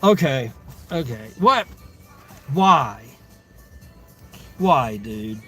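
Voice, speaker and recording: A man's voice: medium pitch, very animated, very slow, pushed and bright, soft background music. A man hosting a livestream, reading out viewers' stories and reacting in a rambling, exasperated way, swearing freely. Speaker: livestream host. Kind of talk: casual livestream chat reading comments.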